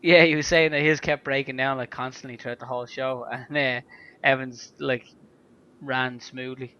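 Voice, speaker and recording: A man's voice: mid-range voice, little pitch movement, normal speed, pushed and bright, clear, resonant tone, muffled recording. A man, co-hosting a podcast in casual chat, laughing easily and using slang. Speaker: podcast co-host.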